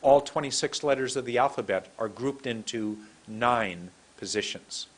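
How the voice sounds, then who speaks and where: Slow, deliberate man teaching pronunciation. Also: mid-range voice. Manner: deliberate, word-by-word demonstration. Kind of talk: instructional lesson, slow drills.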